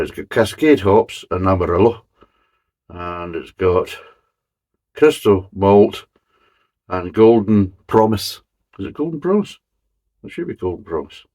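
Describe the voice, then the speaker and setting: A man's voice: deep voice, a little mellow, slightly rough. A man hosting a casual beer review, grumbling and swearing between jokey asides as he reads the label.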